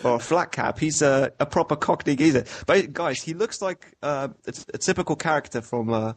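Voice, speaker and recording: A man from England telling stories in a casual chat, relaxed and wry. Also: a little high, brisk.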